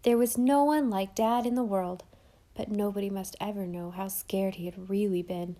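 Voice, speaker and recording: A woman narrates an audiobook in a gentle, expressive storytelling manner. Her voice is mellow and warm, and her pitch is of middle height. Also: normal speed. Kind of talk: scripted narration.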